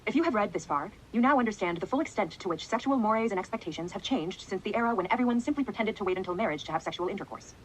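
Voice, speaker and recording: A woman with a husky voice narrating an audiobook in the first person. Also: mid-range voice, animated, rapid-fire, few pauses, slight background noise, poor audio.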